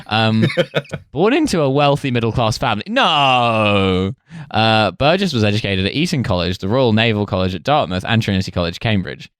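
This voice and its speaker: A man's voice: lowish voice, expressive, normal speed, a bit bright, clear, resonant tone, no room sound, studio quality. A man hosting a comedy podcast, reading notes in a jokey, laughing way with many fillers. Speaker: podcast host.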